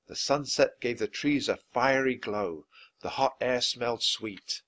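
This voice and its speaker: A man's voice: medium pitch, measured pace, a bit bright. A man reading a children's chapter book aloud at a natural speed for English learners. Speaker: storybook reader.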